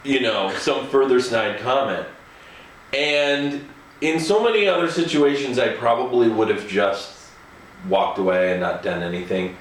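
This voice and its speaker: A man's voice: mid-range voice, a little slow, a little hiss or hum. A man telling a casual anecdote in a chatty way, often chuckling as he talks. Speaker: storyteller. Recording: echoey room, faint ambience.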